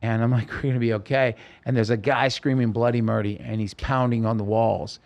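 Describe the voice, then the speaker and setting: A man's voice: mid-range voice, little pitch movement, brisk, creaky, a little mellow, dull audio. A man telling his own story in an interview, in an urgent, vivid way, acting out what people said, with frequent restarts. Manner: vivid, urgent retelling with quoted speech and restarts. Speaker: podcast host telling his story as a guest.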